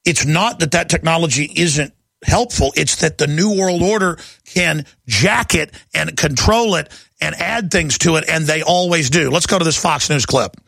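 A man's voice: fairly high pitch, moderate pace, vocal fry, sharp tone, dry recording. A middle-aged man hosting a talk radio show, ranting fervently in a rising, impassioned monologue.

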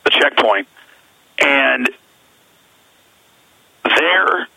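A man's voice: mid-range voice, expressive, extremely slow, vocal fry, bright, forceful tone, slightly rough, no room sound, poor audio. A man with a Texan accent hosting a talk radio show over the phone from the road, rambling emphatically with many restarts. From Texas. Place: on the road, away from the studio.

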